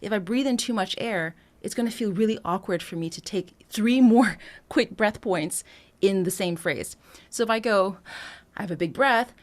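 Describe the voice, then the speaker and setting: A woman with a medium-pitched voice speaks at a moderate pace as a vocal coach, walking through breathing choices in a singing lesson. She explains things clearly, sometimes breaking into short sung lines to demonstrate, and laughs lightly along the way.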